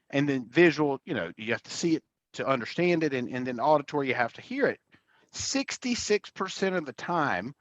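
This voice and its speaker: An enthusiastic man hosts the talk in a somewhat high voice whose pitch swings lively up and down. He stumbles and restarts as he jumps in eagerly. His audio is muffled and lo-fi. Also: no room sound. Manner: enthusiastic, many fillers and restarts. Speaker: host and sales coach. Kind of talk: casual interview conversation.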